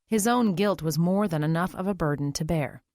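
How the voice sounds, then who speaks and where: A woman's voice: fairly low pitch, normal speed, creaky, darkish tone, no room sound. Woman narrating an audiobook, dry booth sound. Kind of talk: scripted narration.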